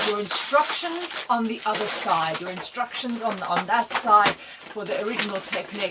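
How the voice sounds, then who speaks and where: A woman's voice: medium pitch, heavy background noise. A woman designer giving a chatty, jokey, self-mocking demonstration of her own product from her office. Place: home office.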